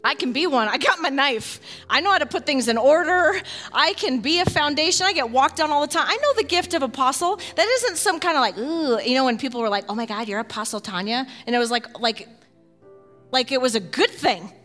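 A woman pastor preaching a sermon in an animated, folksy way, with quick casual asides and rising excitement. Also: high-pitched, soft background music.

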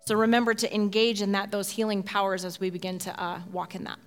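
A woman's voice: medium pitch, fairly even intonation, soft background music. A woman pastor exhorting a congregation during communion, emphatic and urging. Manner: emphatic, urging, fast bursts.

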